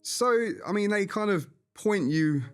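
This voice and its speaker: A man who is a magician, telling anecdotes in a casual interview, animated and chatty. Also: high-pitched, unhurried, clear, resonant tone, faint music behind. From England. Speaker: magician guest.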